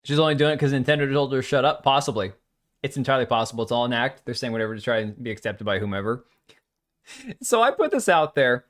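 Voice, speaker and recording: A man's voice: medium pitch, a bit bright. Blunt rambling man hosting a livestream. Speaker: streamer host. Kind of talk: live-stream commentary.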